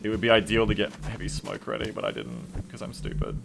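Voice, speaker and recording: A man streaming a strategy game live, excitable and rambling, swearing freely as he plays. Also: fairly low pitch, quick pace, gravelly, noisy background. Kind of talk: casual gaming livestream commentary.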